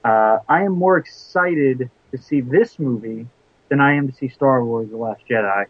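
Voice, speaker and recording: A man co-hosting a casual movie podcast, talking in halting bursts with frequent restarts. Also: mid-range voice, husky, dry recording. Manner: halting, restarts often, laughs along. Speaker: podcast co-host. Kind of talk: casual chat. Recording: dry, dull lo-fi sound.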